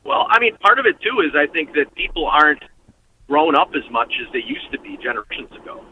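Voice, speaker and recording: A man's voice: fairly high pitch, huge pitch swings, fairly quick, slight background noise. A man calling in to a radio show, reflecting earnestly in a rambling way. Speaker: caller. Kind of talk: call-in conversation. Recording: muffled phone-in line.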